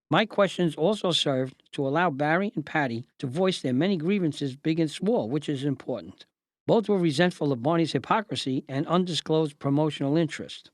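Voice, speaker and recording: An older man hosting and narrating a memoir story in a measured, deliberate, lawyerly way. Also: on the high side, no room sound. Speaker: host and narrator.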